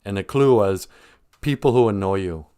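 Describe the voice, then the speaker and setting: A man's voice: on the low side, normal speed, mellow, clear, resonant tone. A man hosting a podcast in a casual comedic monologue, rambling and laughing often between jokes. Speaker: podcast host.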